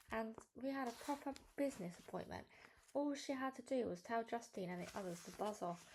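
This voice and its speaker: A woman reading a children's novel aloud, narrating in the first person with an expressive, cheeky tone. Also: a little high, a little fast, gravelly, slight background noise. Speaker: storybook reader.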